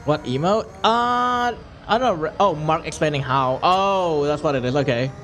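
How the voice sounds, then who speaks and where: A man's voice: a little high, normal speed, fairly bright tone, slight background noise. A man casually chatting to his chat while playing a racing game on a stream, jokey and a bit profane.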